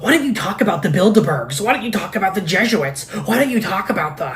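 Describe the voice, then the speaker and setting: A man's voice: sits high, very animated, fast talker, a bit bright, voice pushed up. Man mocking a whiny online commenter. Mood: mocking nagging. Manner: nagging, mocking, rattling off demands. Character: whiny conspiracy-obsessed male online commenter. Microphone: camera microphone.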